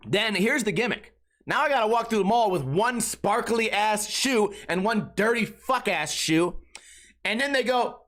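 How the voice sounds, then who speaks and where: A podcast host holding forth in a loose comedic rant, swearing freely and sounding exasperated. His voice sits high for a man. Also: lively intonation, normal speed, fairly bright tone. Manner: profane, exasperated storytelling.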